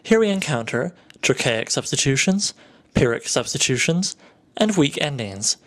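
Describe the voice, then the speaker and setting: Man, mid-pitched voice, dry humor, self-mocking, explaining to camera. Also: big pitch swings, normal speed. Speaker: video blogger. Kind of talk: wry explanatory talk to camera.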